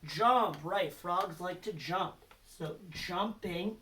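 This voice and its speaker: A man's voice: high-pitched, slow, bright, forceful tone, a little hiss or hum. A man giving a recorded lesson to children, patient and encouraging, quizzing them with letter hints. His voice sounds a little far from the microphone. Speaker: teacher.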